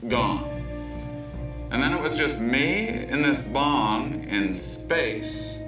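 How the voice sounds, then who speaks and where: A man telling a comic anecdote in an animated way, with background music. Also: medium pitch. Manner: animated, mimics voices in quotes. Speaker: storyteller. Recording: echoey, distant, music under.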